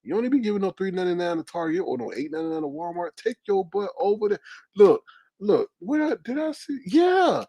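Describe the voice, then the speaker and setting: A man hosting a live stream in casual chat, animated, often laughing and exclaiming. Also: sits high, fast, creaky, no echo.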